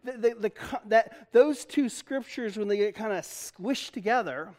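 A middle-aged man with a notably high voice delivers a loose, conversational sermon in a church. He jokes with his listeners and laughs often as he talks. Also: a little slow, darkish tone. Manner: chatty and joking, laughing often. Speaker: pastor.

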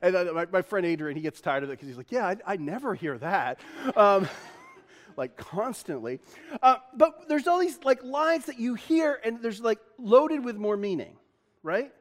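High-voiced middle-aged man, joking pastor. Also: big pitch swings, normal speed. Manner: chatty and joking, laughing often. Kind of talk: conversational sermon. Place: church.

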